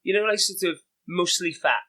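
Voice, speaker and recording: A man with a Liverpool Scouse accent, a podcast guest telling animated, chatty stories with lots of "you know" and "like". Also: high voice, normal speed, poor audio. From England. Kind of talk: casual anecdotal storytelling.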